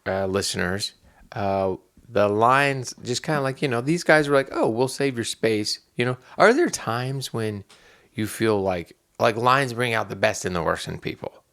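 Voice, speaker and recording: A man's voice: lowish voice, moderate pace, vocal fry. A man co-hosting a podcast in casual chat, telling a rambling story with many restarts and bursts of laughter. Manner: animated when acting out scenes. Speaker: podcast co-host.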